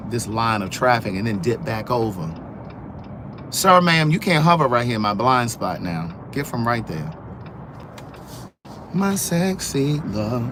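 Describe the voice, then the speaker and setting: Sleepy guy chatting from his car, sassy and lively, road noise under him. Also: medium pitch. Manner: animated and sassy, answering live comments. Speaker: vlogger. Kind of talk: casual chat while driving.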